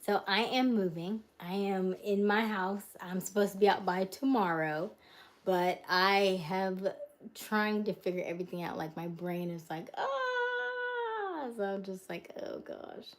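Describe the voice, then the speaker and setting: A woman's voice: medium pitch, fairly even intonation, unhurried. A woman hosting a casual livestream from her home, chatting and answering viewer comments aloud, laughing often and trailing off. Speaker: livestream host. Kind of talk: casual live-stream chat. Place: her home, mid-move.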